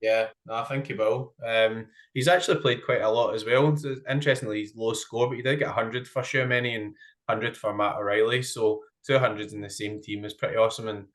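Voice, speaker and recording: Chatty man, lowish voice. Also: fairly even intonation, a little fast. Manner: chatty, laughs often, says um a lot. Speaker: host. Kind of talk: casual chat.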